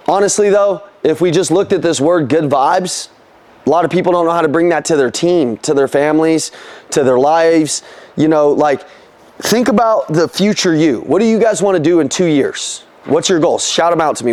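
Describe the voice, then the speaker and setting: A young man giving a motivational sales training talk, energetic and casual, swearing freely and throwing questions at the room. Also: a little high, moderate pace.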